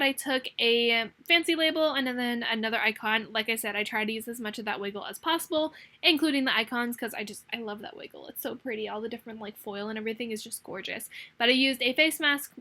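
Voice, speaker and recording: Fast, chatty young woman vlogger. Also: on the high side, pushed and bright. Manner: chatty, rambling, fast-talking. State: caffeinated and hyper. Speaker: planner vlogger. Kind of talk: casual plan-with-me voice-over.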